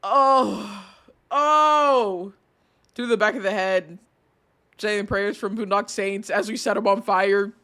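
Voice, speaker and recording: A streamer reads chat screenshots aloud while giving casual commentary, stammering through restarts and launching into outraged, vengeful rants thick with swearing. The voice is medium-pitched, steady, unhurried and a bit bright.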